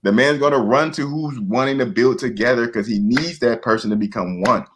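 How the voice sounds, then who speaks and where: A man's voice: brisk, husky. A man talking casually as a guest, earnest and repetitive, often restarting his sentences and acting out quoted voices. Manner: acts out quoted voices in a higher pitch. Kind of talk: casual talk.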